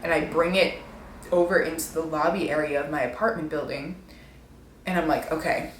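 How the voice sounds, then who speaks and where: Young woman rambling thru a story, kinda low voice, roomy echo, faint hum behind. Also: fairly even intonation, normal speed. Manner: rambling, self-mocking, many "like"s. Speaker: vlogger. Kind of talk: casual storytelling.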